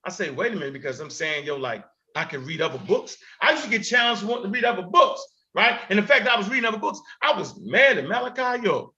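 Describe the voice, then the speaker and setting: Guy hosting, ranting hard, high sharp voice, keeps repeating himself, cusses a lot. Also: fast talker. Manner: animated, repetitive, emphatic and profane. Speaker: host. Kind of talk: heated commentary. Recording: dull lo-fi recording.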